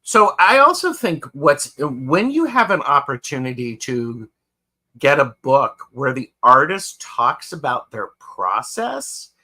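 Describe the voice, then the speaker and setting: A man's voice: mid-range voice, very animated, slow pace, pushed and bright. A man co-hosting a live tarot show, chatting casually and reading out viewer comments. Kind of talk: casual chat on a live stream.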